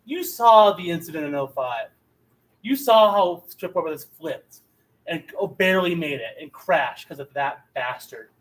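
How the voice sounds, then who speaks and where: High-voiced man ranting in mock outrage. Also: expressive, a bit bright, low-quality recording. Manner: impassioned, mock outrage, fast bursts. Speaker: debater. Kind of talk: mock-serious debate speech.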